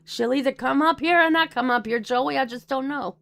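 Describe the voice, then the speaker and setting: A woman's voice: high-pitched, a little fast, gravelly, fairly bright tone. A woman hosting a livestream, chatting casually and rambling to her viewers with frequent laughs. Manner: rambling, laughs often, talks to chat viewers. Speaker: livestream host. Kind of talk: casual chat to a live chat.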